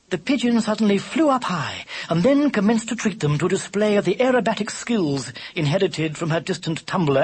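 A man narrating an animal adventure audiobook in an expressive storytelling manner. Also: high-pitched, husky.

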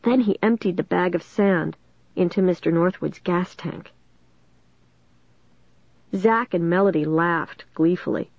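A woman's voice: fairly low pitch, gravelly, no echo, muffled recording. A woman narrating a first-person storybook in a tense, suspenseful reading. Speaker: audiobook narrator.

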